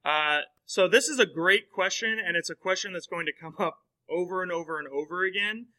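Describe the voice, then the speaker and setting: A man lecturing in a classroom with a very bright, forward voice pitched a little high. He talks in a loose, conversational way, with lots of fillers and check-ins with his students. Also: a little fast, poor audio. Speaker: teacher.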